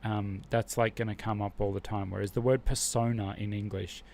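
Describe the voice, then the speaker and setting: Low-voiced Australian man musing on a livestream. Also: little pitch movement, normal speed, creaky, darkish tone, slight background noise. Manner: muses aloud while reviewing flashcards. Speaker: livestream host learning Spanish. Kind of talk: casual livestream chat.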